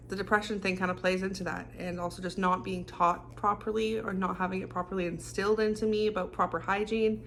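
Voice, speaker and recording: A woman's voice: fairly low pitch, fairly bright tone, a little hiss or hum. Rambling young woman vlogging at home. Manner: rambling, many fillers and restarts. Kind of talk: casual confessional vlog talk. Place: home kitchen.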